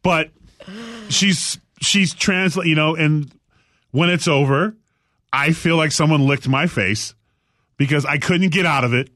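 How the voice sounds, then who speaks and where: Sarcastic guy hosting a comedy panel, riffs fast, dry close sound. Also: a little high, fairly bright tone, no echo. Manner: sarcastic, jumps into mock voices. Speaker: talk show host. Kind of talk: comic panel banter.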